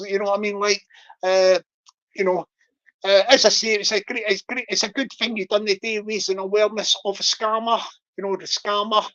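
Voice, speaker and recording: A woman's voice: mid-range voice, sharp tone, dull audio. A woman hosting a casual livestream, rambling with lots of fillers and restarts. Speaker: livestream host.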